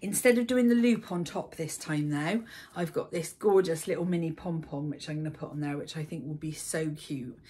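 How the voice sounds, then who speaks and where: A young woman chatting casually about her knitting projects in a baby's room at home, gushing and breathy, with frequent ums. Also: sits low, moderate pace, hardly any pauses, mellow. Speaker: knitting vlogger. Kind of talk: casual chat.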